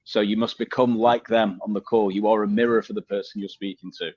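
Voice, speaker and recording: A man's voice: on the low side, fairly even intonation, fairly quick, darkish tone, slightly rough. A man guest on a webinar video call, direct and matter-of-fact, with a teasing streak. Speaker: sales trainer guest. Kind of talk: casual webinar chat. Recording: dull, dry video call audio.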